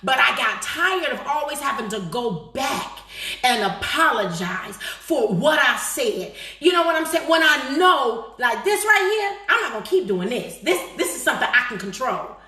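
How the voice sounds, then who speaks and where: A high, bright-voiced woman preaches a live-streamed sermon in an echoey room. She hammers her points home, bursting into shouts and then dropping into slow, heavy, drawn-out words, repeating key phrases again and again. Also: big pitch swings. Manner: emphatic, swings from shouted lines to slow, low, drawn-out stresses.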